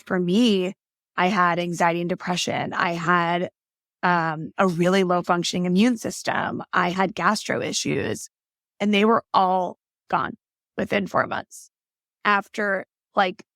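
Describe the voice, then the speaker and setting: This podcast guest is a young adult woman who works as a holistic nutrition consultant; in a casual interview she shares her story sincerely, peppering it with fillers. Her voice is fairly low and a touch bright, captured dry and clean in a studio.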